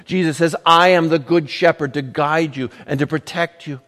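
A pastor preaching a sermon, emphatic and measured, with dramatic pauses and rhetorical questions. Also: male voice, on the high side, steady tone, fairly bright tone, in a large hall.

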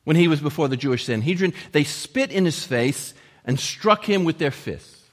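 A man preaching a sermon, earnest, raising his voice for quoted lines and dropping to a hush at the ends of points. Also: fairly high pitch, lively intonation, moderate pace. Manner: earnest, rising to emphatic quotes and dropping to hushed endings. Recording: long hall reverb.

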